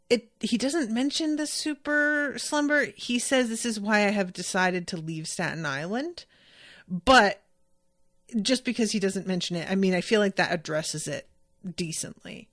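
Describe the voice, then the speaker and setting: A woman's voice: mid-range voice, fairly bright tone, no room sound, studio quality. A woman hosting a podcast, recapping a TV episode in casual chat, rambling and correcting herself as she quotes scenes. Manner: chatty, rambling, self-correcting, quoting scenes. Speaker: podcast host.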